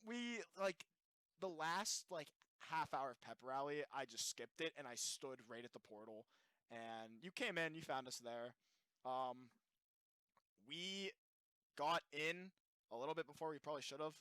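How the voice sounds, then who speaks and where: A man's voice: fairly high pitch, animated, measured pace, pushed and bright, smooth, dry recording, rough recording. Young male co-host, self-deprecating storyteller, mid-range voice, dry close sound. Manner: laughs often, self-deprecating. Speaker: podcast co-host. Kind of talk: casual storytelling chat.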